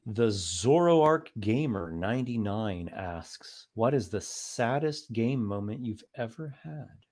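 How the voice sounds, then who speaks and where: A man with a fairly low voice hosts a casual live stream. He chats in a rambling, thoughtful way, pausing often with "um" and "uh" as he answers viewer comments. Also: lively intonation, a little mellow. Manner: rambling, thoughtful, many fillers.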